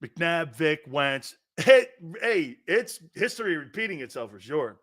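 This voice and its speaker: A man with an East Coast American accent hosting a sports talk show, ranting loudly with profanity and frequent shouting. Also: a little high, big pitch swings, a little slow. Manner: loud, profane, often shouting.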